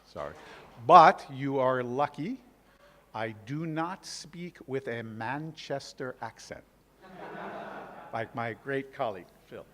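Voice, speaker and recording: Middle-aged american guy giving a conference talk, laid-back and jokey, lots of uhs, normal pitch, big echoey hall. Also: slow pace, pauses often, fairly bright tone. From New York City. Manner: casual, joking, with frequent fillers. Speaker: conference speaker, instructor.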